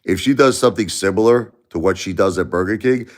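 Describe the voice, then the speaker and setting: A man's voice: deep voice, brisk. A middle-aged man, ranting to his live-stream viewers in a repetitive, stammering way. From Brooklyn, New York. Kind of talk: casual live-stream rant.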